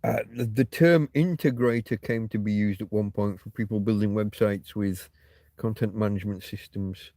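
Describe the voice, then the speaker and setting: Swearing, ranting livestream host, mellow man. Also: fairly low pitch, normal speed, dry recording, clean studio sound. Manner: ranting, swearing freely, frequent restarts and repeats. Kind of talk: casual rambling livestream chat, reading viewer comments.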